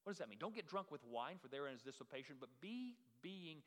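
A man's voice: medium pitch, lively intonation, racing, fairly bright tone, in a large hall. A middle-aged man preaching a sermon in a conversational way, full of fillers and restarts. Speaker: pastor.

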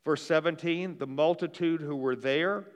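Preacher with a casual drawl. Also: male voice, on the high side, normal speed, clean tone, long reverb tail. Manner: casual, conversational preaching with frequent fillers and restarts. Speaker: pastor. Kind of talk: sermon.

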